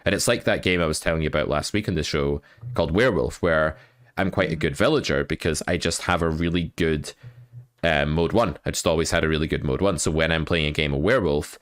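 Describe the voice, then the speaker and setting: Very low-voiced podcast co-host from the west of Scotland, reflective, casual. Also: male voice, fairly bright tone, no echo, studio quality. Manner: reflective, explains with examples. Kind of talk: casual chat.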